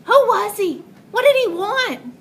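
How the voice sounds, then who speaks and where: A woman's voice: high voice, lively intonation, drawn-out words, sharp tone, a little hiss or hum, voice pushed up, exaggerated voice. A woman voicing a crowd of forest animals in a storybook, calling out in a puzzled way. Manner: puzzled, exclaiming. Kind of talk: storybook read-aloud.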